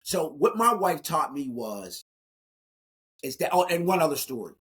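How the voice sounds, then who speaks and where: A man in his forties, a guest speaker in an interview, telling his life story in an animated way and acting out the dialogue. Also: on the high side, measured pace, slightly rough. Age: 40s.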